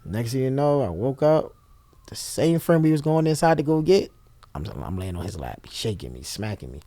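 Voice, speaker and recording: A man's voice: medium pitch, moderate pace, dry recording. A man, a guest telling an emotional story and acting out the voices of others. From Brooklyn, New York. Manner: animated, acts out the voices of others as he retells.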